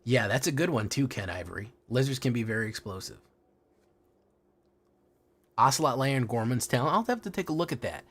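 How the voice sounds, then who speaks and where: In a husky mid-range voice, a man streaming a card game talks briskly and animatedly, broken up by long pauses. He's casual and foul-mouthed with viewers and restarts a lot.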